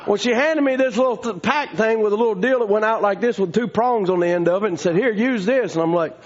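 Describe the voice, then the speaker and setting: A man preaching a storytelling sermon, folksy and rising to shouting fervor. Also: high-pitched, fast. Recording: dull lo-fi sound.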